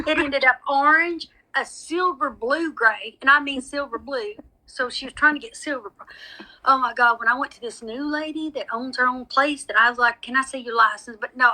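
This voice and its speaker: Woman, high bright voice, casual chat, rambling colorful storytelling. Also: poor audio. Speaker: guest telling a story.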